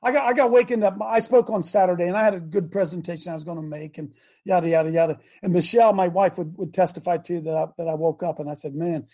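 Male talk-radio host, fiery and repetitive, high voice. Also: steady tone, quick pace. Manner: impassioned, repetitive, shouting at times. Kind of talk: fiery call-in talk show rant. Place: studio in Ohio.

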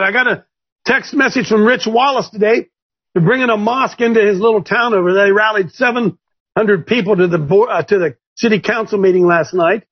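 A fiery male preacher whose voice sits very high and has a husky grain. He hammers home repeated phrases and climbs into shouts. The recording sounds dull and lo-fi.

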